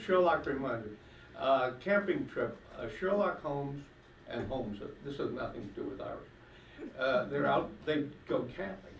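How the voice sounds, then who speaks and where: Gravelly man telling jokes in a hall. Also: mid-range voice, moderate pace. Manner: rambling joke-telling with fillers and quoted voices. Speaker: stand-up comedian. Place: senior center hall. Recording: echoey hall from far off, faint noise.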